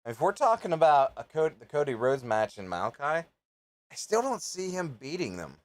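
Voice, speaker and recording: A man hosting a live reaction stream, chatting casually and thinking out loud with offhand, rambling asides. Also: on the high side, big pitch swings, normal speed. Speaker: live reaction show host.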